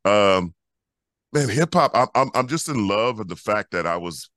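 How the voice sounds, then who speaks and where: Fifties male podcast co-host, deep-voiced and excitable, repeats himself mid-story. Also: moderate pace, no echo, studio quality. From Los Angeles, USA. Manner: animated storyteller, repeats words when excited. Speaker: co-host, former pro basketball player. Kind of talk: casual podcast chat.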